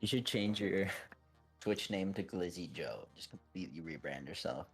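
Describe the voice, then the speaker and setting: Animated teen guy chatting while gaming. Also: deep voice, normal speed, husky, soft background music. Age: teens. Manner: animated, swearing, trailing off into laughs. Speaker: streamer. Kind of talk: casual chat while gaming.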